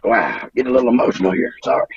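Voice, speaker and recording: A man in his fifties, a retired wrestler giving an interview, talking in a halting, emotional way, repeating himself and swearing freely. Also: a little high, very animated, gravelly, fairly bright tone, far from the mic, dull audio, a little hiss or hum. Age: 50s. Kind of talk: emotional interview over a call.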